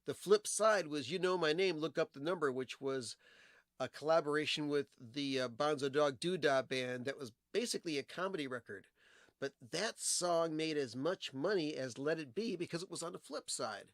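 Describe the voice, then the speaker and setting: A man's voice: fairly high pitch, moderate pace, no echo, clean studio sound. A man hosting a livestream, chatting casually and at length about old singles and their flip sides, wandering off into stories. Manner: rambling, digressive storyteller with fillers. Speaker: livestream host. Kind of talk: casual music talk, showing old records.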